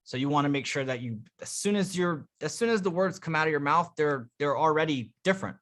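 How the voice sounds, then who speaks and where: A man coaching a live group session on dating, giving energetic, emphatic feedback and often restarting his words. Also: fairly high pitch, fairly quick.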